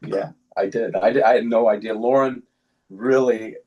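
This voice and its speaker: An older actor with a faint Ohio accent, joking in an easygoing way during a casual interview. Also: male voice, fairly low pitch, dark tone, dull audio. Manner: easygoing, joking, quick laughs. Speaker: actor guest.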